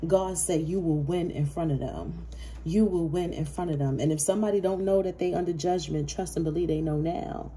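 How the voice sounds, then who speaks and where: A woman gives a tarot reading in a brash, profane and emphatic way. Her voice sits low and sounds deeply mellow. A faint hiss runs under the recording. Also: fairly even intonation, a little fast. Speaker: tarot reader.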